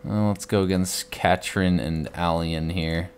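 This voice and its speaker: Low-voiced man rambling over gameplay. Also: fairly even intonation, a little slow, a little hiss or hum. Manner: rambling, many "like"s, sudden exclamations. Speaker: gaming video host. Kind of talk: casual gameplay commentary.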